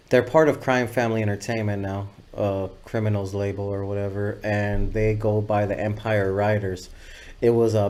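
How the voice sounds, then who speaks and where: A man telling stories as a podcast guest, laid-back and rambling, swearing freely and filling pauses with "uh" and "you know what I'm saying". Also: on the low side, darkish tone. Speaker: music video director, podcast guest. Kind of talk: casual storytelling interview.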